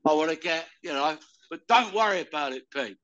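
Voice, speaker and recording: An older man from the UK, talking loudly and rambling in a casual interview. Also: fairly high pitch, lively intonation, fairly quick, highs cut off. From United Kingdom. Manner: loud, rambling, calls the listener "mate". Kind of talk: casual conversation.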